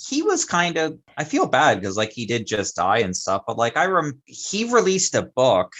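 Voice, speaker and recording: A man's voice: medium pitch, moderate pace. Rambling male podcast co-host. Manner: rambling, animated retelling with restarts. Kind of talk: casual chat.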